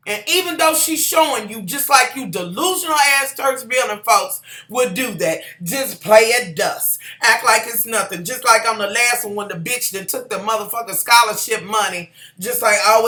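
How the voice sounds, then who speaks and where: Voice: medium pitch, normal speed, hardly any pauses, faint music behind. Sassy, profane reviewer. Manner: sassy, profane, animated storytelling. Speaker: TV show reviewer. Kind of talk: casual ranting recap. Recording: echoey room.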